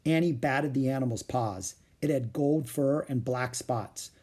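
A man reading a children's chapter book aloud as a storyteller, with expressive, animated delivery. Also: mid-range voice, a little slow, slightly rough.

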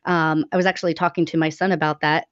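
A woman's voice: deep voice, little pitch movement, fast talker, dry recording. A middle-aged woman, chatting on a podcast in an encouraging, emphatic way. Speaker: community co-founder. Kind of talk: casual podcast chat. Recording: dry, dull lo-fi audio.

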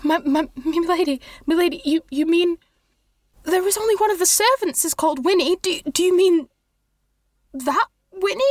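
A woman's voice: extremely high pitch, moderate pace, no room sound, clean studio sound, pitched above the performer's own voice. A woman voicing a panicked young male monk who stammers and grovels with apologies. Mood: panicked groveling.

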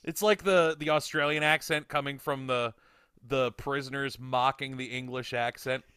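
A man's voice: mid-range voice, normal speed, smooth, no room sound, clean studio sound. A young man from Connecticut hosting a casual podcast chat, laughing often, swearing and quizzing his co-hosts. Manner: laughs often, swears, animated quiz-giving. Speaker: podcast host.

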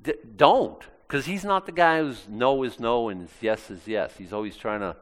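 A man's voice: mid-range voice, animated, normal speed. A man preaching a sermon, acting out quoted lines in shifting voices. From Maine, US. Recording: long hall reverb.

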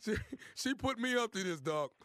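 A man who is a regular on a morning radio show, making a prank call and then joking loudly with the studio crew. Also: sits high, animated, moderate pace, no room sound. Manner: loud, laughing, playful.

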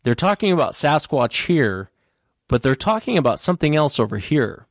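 A man hosting a podcast, chatting casually and retelling a listener's account with lively energy. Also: on the high side, moderate pace, no echo, studio quality. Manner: animated retelling of a caller's story. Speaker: podcast host. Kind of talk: casual interview chat.

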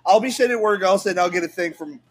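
A man co-hosting a casual chat, excitable and quick to exclaim. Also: high voice, slightly rough. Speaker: podcast co-host.

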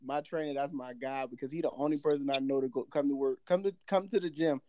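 A man's voice: mid-range voice, fast, dry recording. A man, a comedian, telling stories in casual podcast chat and acting out the people he quotes. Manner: animated storytelling, acts out quotes.

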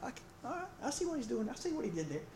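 A man's voice: extremely high pitch, sing-song, rapid-fire, darkish tone, a little hiss or hum, pitched above the performer's own voice, exaggerated voice. A man voicing a nervous young newlywed husband who hesitantly talks himself into trying something. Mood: unsure.

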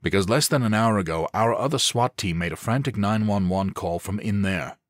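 A man voicing a serious male SWAT team leader who speaks firmly and calmly. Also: lowish voice, moderate pace, dry recording, studio quality, close to an everyday voice. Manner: firm, calm, earnest.

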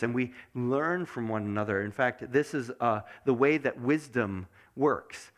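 A man preaching a sermon as pastor, asking the congregation many questions and dropping to a soft mutter to show meditation. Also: medium pitch, unhurried, few pauses. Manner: animated, asks the congregation lots of questions; drops to a soft mutter when showing meditation.

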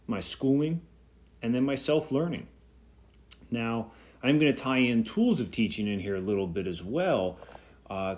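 A man's voice: fairly low pitch, darkish tone. A man in his thirties hosting his own podcast, talking alone in a reflective, rambling way with many fillers and restarts. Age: 30s. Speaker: podcast host. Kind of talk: solo podcast talk.

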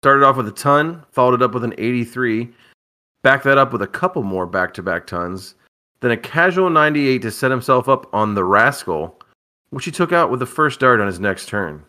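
A man's voice: mid-range voice, expressive, moderate pace, sharp tone. A sleepy man co-hosting a casual podcast, wisecracking as he talks about league darts matches. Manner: drowsy, wisecracking. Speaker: podcast co-host. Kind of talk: casual chat.

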